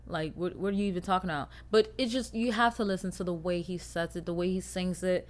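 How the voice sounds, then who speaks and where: A young woman hosting a casual solo podcast, swearing freely and swinging from loud rants to quiet mumbles. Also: on the low side, fairly even intonation, fast. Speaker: podcast host.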